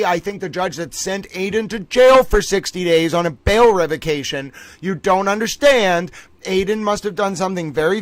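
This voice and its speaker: Male streamer host, higher-pitched voice, dry close sound, excitable and theatrical, trial-recap commentary. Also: dry recording. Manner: animated, theatrical, keeps saying "ladies and gentlemen".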